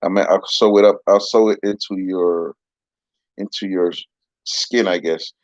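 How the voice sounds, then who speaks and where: A man's voice: low voice, fairly even intonation, a little slow, no room sound. A man giving a casual Bible lesson with a puppet, talking in a soothing, patient, rambling way, on a dull, dry lo-fi recording.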